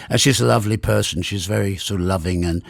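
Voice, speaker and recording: Gravelly English rock singer in his 60s. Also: low-pitched, a little fast, dry recording. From England. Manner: rambling, many fillers and restarts. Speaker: guest. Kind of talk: candid conversational storytelling.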